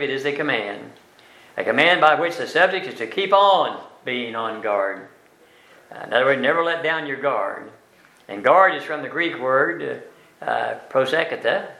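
Older guy teaching bible study, folksy, lots of uh's, sharp tone, room echo. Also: mid-range voice. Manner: plain, folksy, explains word by word with many uh fillers. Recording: echoey room.

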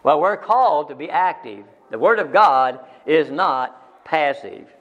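A man's voice: a little high, lively intonation, a little slow, a bit bright, highs cut off. An older man preaching a sermon in an earnest, emphatic way, repeating phrases and restarting lines.

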